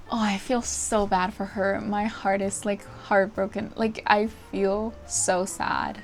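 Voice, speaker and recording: A young woman talking casually as a book vlogger, gushing and animated, laughing often and swearing now and then. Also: mid-range voice, unhurried, soft background music. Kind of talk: casual chat.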